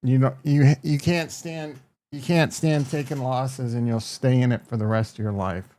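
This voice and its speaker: A man with a Midwestern American accent runs a casual live market stream. His voice is mellow and warm, sitting at an everyday pitch. He's brash and joking, reacting to tickers and tossing remarks at viewers. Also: steady tone, normal speed. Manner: brash, joking, talks to chat. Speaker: market livestream host.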